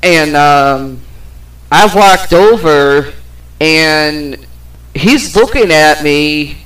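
A woman's voice: low-pitched, lively intonation, fairly bright tone. A woman hosting a podcast, telling a personal story in a blunt, profane, casual way. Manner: blunt and profane, slow, with many pauses. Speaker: podcast host. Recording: distant from the microphone.

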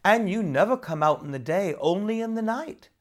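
A woman's voice: medium pitch, animated, normal speed, pitched above the performer's own voice, lightly acted. A woman voicing a clever young wife who talks sweetly and soothingly, in a storybook reading. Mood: teasing. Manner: sugary and soothing.

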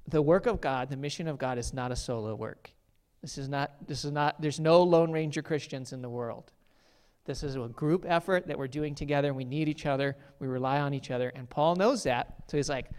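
A man preaching a casual, conversational sermon as pastor, earnest and full of filler words. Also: a little high.

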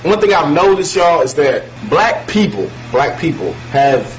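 A man's voice: fairly high pitch, very animated, unhurried. A man explaining his views conversationally to camera in a video clip. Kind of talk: casual talk to camera. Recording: dull lo-fi clip with faint noise.

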